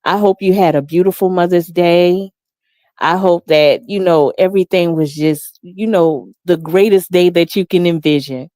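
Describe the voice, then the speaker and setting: A woman's voice: moderate pace, dry recording, studio quality. A middle-aged woman hosting a livestream, chatting casually, reading comments and telling family stories with frequent laughter. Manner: animated, laughs often, acts out quotes in high voice. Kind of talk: casual storytelling chat.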